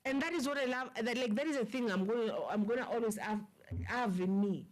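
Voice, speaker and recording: This Kenyan speaker chats about politics in a casual way. They agree often and add their own points. Their voice sits at an ordinary middle pitch. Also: a little fast. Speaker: co-commentator.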